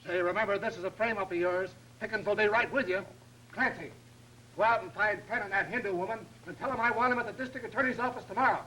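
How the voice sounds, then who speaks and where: A brash police inspector barks orders in a high, bright voice. This is fast-talking 1930s film acting. Faint hiss sits on the old soundtrack. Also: male voice, rough recording. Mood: commanding.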